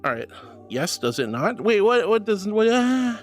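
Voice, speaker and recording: Gushing streamer with a lively, swooping voice who calls chat "sweetie," faint music underneath. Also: unhurried. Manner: bubbly, affectionate, calls viewers sweetie; swoops into high squeals of excitement. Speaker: VTuber streamer. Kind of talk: livestream chat reading viewer messages.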